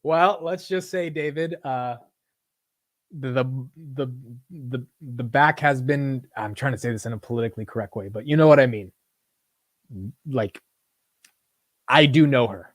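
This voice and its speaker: Young man, livestream host, slangy laid-back banter, mid pitch, dry close sound. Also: measured pace, long pauses, dry recording. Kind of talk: casual livestream chat.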